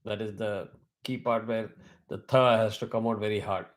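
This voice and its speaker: A man teaching a chanting class over a video call, reciting verses slowly and correcting pronunciation syllable by syllable. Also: on the low side, steady tone. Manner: slow, careful syllable-by-syllable recitation.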